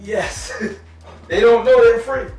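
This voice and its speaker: A man's voice: very high voice, slow, darkish tone. Man talking from a roomy distance. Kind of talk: casual chat. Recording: roomy, off-mic with music.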